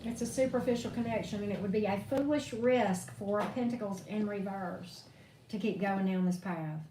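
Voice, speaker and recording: A tarot reader on a live stream vents bluntly and profanely in a mellow, mid-range voice at a moderate pace. She's recorded in an echoey room on a distant mic, with faint background noise.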